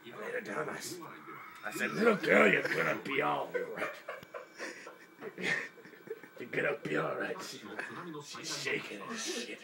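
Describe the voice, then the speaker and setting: A man doing a brash, gravelly boastful navy hero. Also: on the high side, a little slow, long pauses, very noisy, heavily acted. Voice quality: loud and profane, bragging. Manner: excitable, breaks into laughter. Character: brash boastful male navy hero telling tall tales. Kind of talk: improvised comic monologue.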